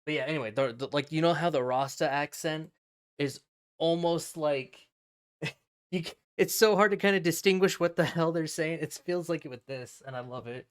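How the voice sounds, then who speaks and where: A man's voice: on the high side, moderate pace, smooth. A man chatting casually while streaming a game, laughing and swearing as he reacts. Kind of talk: casual gameplay commentary.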